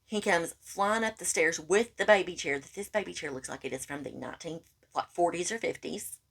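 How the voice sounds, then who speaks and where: Animated woman telling a story. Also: lowish voice, a little fast, creaky, slightly rough. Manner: animated, acts out quoted lines, calls listener honey. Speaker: podcast co-host. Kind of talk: casual storytelling chat.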